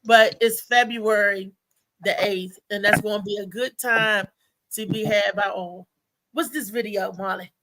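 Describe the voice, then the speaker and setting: Animated, bright-voiced woman host. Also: medium pitch, measured pace. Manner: animated rambling storyteller, laughs often. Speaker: talk show host. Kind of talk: casual live show chat.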